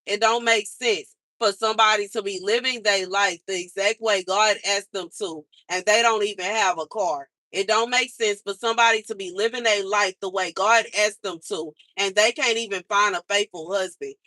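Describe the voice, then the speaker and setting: A woman's voice: medium pitch, steady tone, moderate pace, few pauses, pushed and bright, no echo. A woman vlogger venting in an exasperated monologue, repeating herself for emphasis. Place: outside her mother's house.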